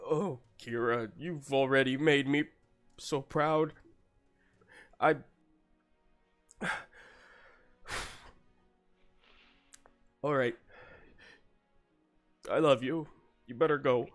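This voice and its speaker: A man's voice: mid-range voice, steady tone, faint music behind, lightly acted. A man voicing a sentimental older male mentor who stammers fondly through his words. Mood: tearful. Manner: halting, stammering, affectionate.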